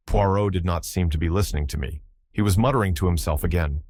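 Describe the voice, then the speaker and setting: A man narrating a classic mystery audiobook in a measured, even way. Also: deep voice, dry recording. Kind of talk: scripted narration.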